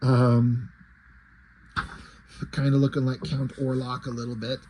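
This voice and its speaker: A man's voice: mid-range voice, level tone, a little slow, mellow, a little hiss or hum. A man casually retelling a book's plot, rambling with profane asides and fillers. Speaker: reader summarizing a book.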